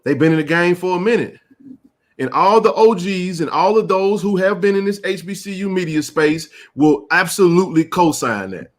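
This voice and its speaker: A man hosting a live sports chat, ranting with passion and rising to shouts. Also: high-pitched, normal speed. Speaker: sports talk show host.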